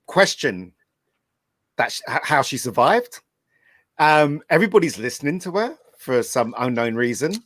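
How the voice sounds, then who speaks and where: A man hosting a casual podcast discussion, voicing opinionated complaints in an animated way. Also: medium pitch, moderate pace, no room sound. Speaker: podcast host.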